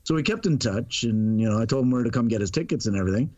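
A man's voice: medium pitch, expressive, rapid-fire, dark tone. A man telling a casual story in a chatty way, laughing often and tripping over his words. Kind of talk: casual anecdote. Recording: dull lo-fi audio.

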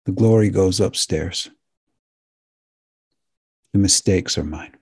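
A man hosting a talk show, speaking earnestly and emotionally to his listeners, halting and restarting as he goes. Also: deep voice, breathy edge, no echo, studio quality. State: tearing up. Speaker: podcast host. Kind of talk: heartfelt monologue to listeners.

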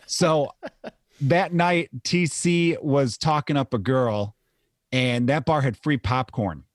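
A man's voice: medium pitch, slow pace, no echo, studio quality. A comedian in his thirties, telling rambling stories in a casual podcast chat and swearing freely. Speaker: comedian guest. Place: home.

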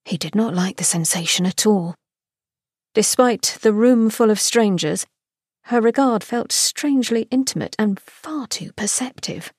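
A woman's voice: mid-range voice, measured pace, a little mellow, breathy edge, no room sound, clean studio sound. Woman reading a romance novel aloud. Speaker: podcast host reading a novel excerpt. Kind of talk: scripted narration.

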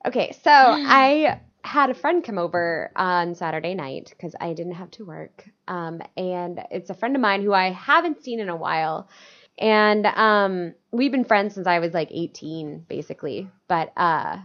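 A woman's voice: fairly low pitch, animated, unhurried, fairly bright tone. A young woman co-hosting a comedy podcast in casual chat, laughing easily and swearing freely. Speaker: podcast co-host. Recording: dull lo-fi podcast audio.

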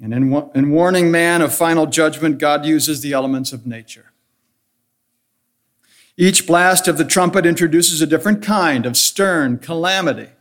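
Solemn man preaching, fairly high voice. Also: fairly bright tone. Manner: solemn, measured preaching with deliberate repetition. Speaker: pastor. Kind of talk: sermon.

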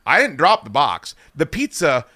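A man's voice: on the high side, huge pitch swings, normal speed, bright, forceful tone, no echo, clean studio sound. A man hosting a podcast, telling a rambling, profane comedic story. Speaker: podcast host.

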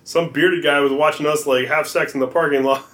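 A man's voice: a little high, brisk. A man co-hosting a podcast, chatting casually and laughing often as he tells a story. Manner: laid-back, laughs often, animated storytelling. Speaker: podcast co-host.

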